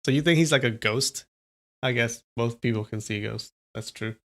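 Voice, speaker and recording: Gravelly man reading a novel aloud. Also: medium pitch, normal speed, a bit bright. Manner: casual, chatty asides between reading. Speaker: live-stream reader.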